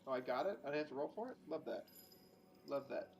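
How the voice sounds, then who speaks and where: A man's voice: on the high side, lively intonation, quick pace, gravelly, a little mellow. A man playing a tabletop role-playing game in a casual, playful way, often stopping and restarting, recorded at home over an online call. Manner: playful, hesitant, many restarts. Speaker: player.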